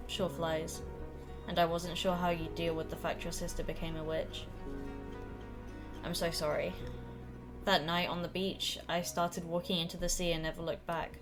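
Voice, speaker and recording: A woman's voice: lowish voice, close to an everyday voice. A woman voicing an older witch speaking tenderly and wryly at her sister's grave, in a game played aloud. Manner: wry, tender. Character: older witch, wry and affectionate.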